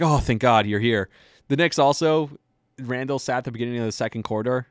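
A man with a lowish voice talks through basketball in a loose, rambling way. His speech is full of fillers and quick asides. The recording is dry and close, with no room sound. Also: clean tone, dry recording. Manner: chatty and rambling, with many fillers. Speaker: sports podcast host. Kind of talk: casual sports commentary.

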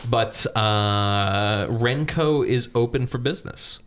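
A man's voice: mid-range voice, slow pace, a bit bright. A man co-hosting a podcast, chatting casually with a laid-back, profane delivery. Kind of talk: casual crude banter.

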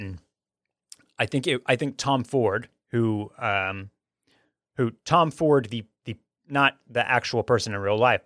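A man's voice: medium pitch, a bit bright, no room sound, studio quality. A man hosting a casual chat about a film, talking with enthusiasm and often restarting his sentences. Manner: enthusiastic, talkative, frequent restarts. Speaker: podcast host reviewing a film.

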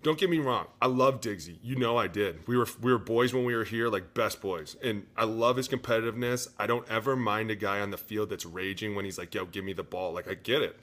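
Fired-up low-voiced guy saying "dude". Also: a little fast, hardly any pauses. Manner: animated, swears freely, says "dude" a lot. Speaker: podcast co-host, former lineman. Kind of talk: casual sports chat.

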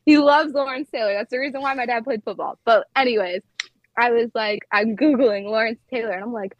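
Telling casual stories on a podcast, a flight attendant in her twenties uses "like" again and again in chatty fashion. Her voice is on the high side and brisk, with no echo, and the highs are cut off.

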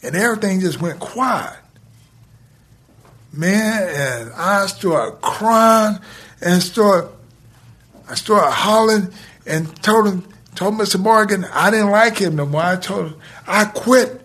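A man's voice: high voice, husky. A man telling a story from his youth in casual speech, acting out the dialogue and laughing between lines. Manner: animated, retells scenes with quoted dialogue, laughs between lines; colloquial grammar, drawn-out pauses. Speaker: guest telling a life story.

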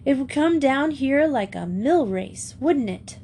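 A woman's voice: high-pitched, expressive, a little slow, mellow, a little hiss or hum, voice pushed up. A woman voicing an irrepressible English schoolgirl, breezy and forthright. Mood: chirpy.

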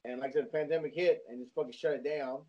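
In a laid-back talk with friends, a man speaks at medium pitch in a steady tone but halts often, restarting sentences and cursing. The recording sounds dull and lo-fi.

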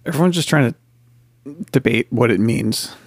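A man's voice: mid-range voice, moderate pace, slightly rough, dry recording. A man co-hosting a casual podcast, talking bluntly and trailing off mid-sentence. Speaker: podcast co-host. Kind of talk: casual chat.

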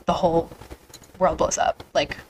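A woman's voice: sits low, little pitch movement, measured pace, darkish tone, slight background noise, poor audio. A young woman hosting a podcast, chatting casually and emotionally, with a lot of "like" fillers. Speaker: podcast host. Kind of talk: casual interview chat.

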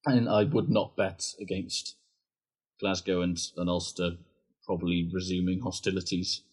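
Male co-host, lowish husky voice, casual sweary sports chat. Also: normal speed. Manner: sweary, animated rugby banter. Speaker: podcast co-host.

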